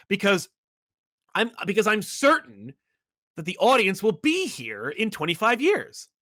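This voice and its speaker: A man co-hosting a casual podcast chat, talking in long animated runs with many restarts. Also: high voice, moderate pace. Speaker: podcast co-host.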